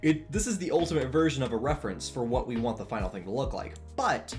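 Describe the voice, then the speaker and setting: Young man, streamer, casual chat, animated intonation, laughs a lot, faint background music. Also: medium pitch, quick pace. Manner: relaxed, chatty, laughs often, answers chat.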